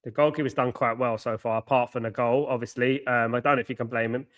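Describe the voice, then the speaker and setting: A young man runs a live football watchalong stream. His voice sits at an everyday middle pitch but sounds bright and forward. He talks casually, bantering with viewers and circling back over the same points. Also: fairly even intonation, quick pace. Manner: chatty, repeats himself, banters with viewers. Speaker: watchalong host reading live chat. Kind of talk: live stream commentary and chat.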